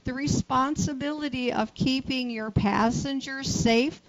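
A woman's voice: high voice, unhurried, muffled recording. A woman who teaches boating safety, a guest on a radio show, giving practical advice in a plain, matter-of-fact way. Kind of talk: radio interview.

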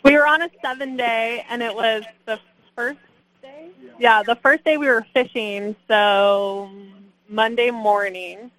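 A woman's voice: on the high side, steady tone, unhurried, a bit bright, rough recording. A young woman, a guest angler, telling her catch story in a casual, laughing way, full of "like" and "you know". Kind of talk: casual storytelling on a radio show.

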